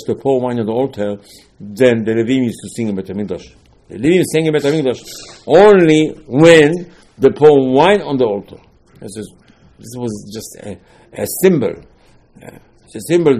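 Guy giving a torah class, keeps asking himself questions, mellow husky voice. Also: mid-range voice. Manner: emphatic, repetitive, asks and answers his own questions, broken English phrasing. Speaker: rabbi teaching Torah. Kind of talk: informal Torah lecture.

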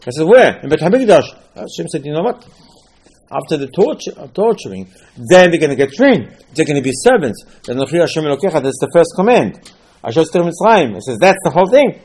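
Husky-voiced man teaching Torah. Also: on the high side, dark tone. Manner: emphatic, repetitive, switching between English and Hebrew quotes. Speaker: rabbi. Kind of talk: Torah lesson.

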